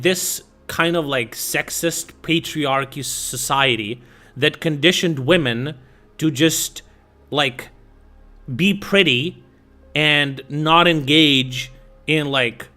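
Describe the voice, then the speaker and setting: A young man chats casually with his viewers, ranting in an exasperated, profane way. His voice sits a touch higher than most men's. Quiet music plays faintly in the background. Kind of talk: casual chat.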